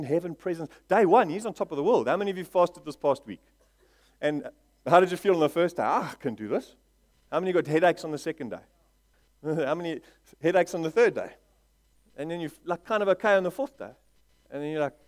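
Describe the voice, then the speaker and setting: A man preaching a sermon, joking with the congregation and acting out little dialogues, laughing often as he talks. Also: high-pitched. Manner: laughs often while speaking.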